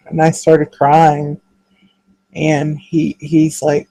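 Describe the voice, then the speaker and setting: A man talking in an earnest, halting, emotional way in a confessional vlog monologue, speaking to a webcam. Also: fairly high pitch, fairly even intonation, vocal fry, dark tone, poor audio. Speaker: vlogger.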